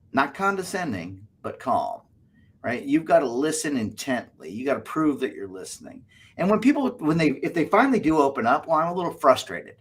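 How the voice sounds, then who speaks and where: A man co-hosting a casual podcast chat, animated and fond of acting out little quoted exchanges. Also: on the high side, husky. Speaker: co-host.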